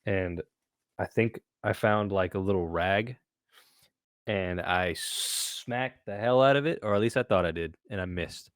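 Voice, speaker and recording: A young man co-hosting a podcast, telling animated stories in casual chat and swearing often. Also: low-pitched, measured pace, dry recording, clean studio sound. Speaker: podcast co-host.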